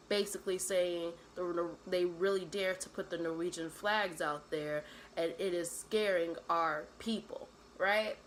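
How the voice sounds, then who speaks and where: A woman's voice: on the low side, fairly even intonation, slow pace, a little hiss or hum, low-quality recording. A young woman retelling a classic play in casual slang, mixing read verse with her own summary and often adding "right?".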